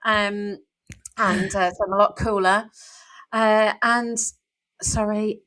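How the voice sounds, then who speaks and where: A middle-aged woman chats frankly on her podcast. She talks in a reflective, open way, with an ordinary, middle-range pitch. Her speech is loose and conversational, full of small fillers. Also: fairly even intonation, slow pace, a bit bright. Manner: open, reflective, leans on "you know". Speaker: author and podcast co-host. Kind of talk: casual podcast chat.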